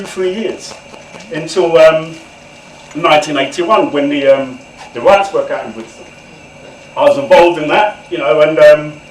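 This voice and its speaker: Captured from across an echoey event room with slight background noise, an English guest author in his forties speaks in a voice that's a little high. He tells his life story to the audience candidly and conversationally, often speaking to them directly.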